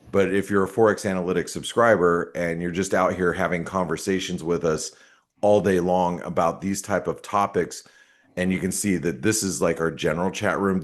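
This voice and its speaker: On a live market webinar, a male trading analyst talks through charts in a low voice. He rambles, cuts himself off and throws in dry, sarcastic asides.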